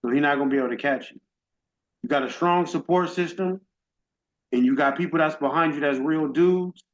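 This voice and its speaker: Delivering a heartfelt testimony rooted in faith, the middle-aged man speaks briskly in a slightly high voice, plainly and emotionally, at a summit. The audio is dull and lo-fi.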